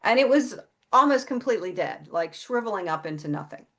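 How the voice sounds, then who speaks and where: With a medium-pitched, slightly bright voice, lively intonation, and a somewhat fast pace, a middle-aged woman guest tells a personal story. She's a psychic and healer who speaks candidly and casually, swearing without restraint.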